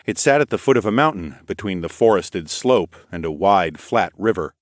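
A man reading an audiobook in first person with a steady, expressive delivery. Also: sits low, normal speed, no room sound, clean studio sound. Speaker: audiobook narrator. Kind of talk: scripted narration.

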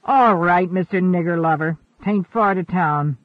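A man's voice: sits high, measured pace, dry recording, phone-quality sound. A man voicing a burly, blustering slave catcher who makes threats.

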